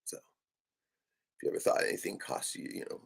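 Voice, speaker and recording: A man on a live stream venting in a rambling way, swearing often and tagging "right?" onto his sentences. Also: normal speed. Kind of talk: casual venting monologue.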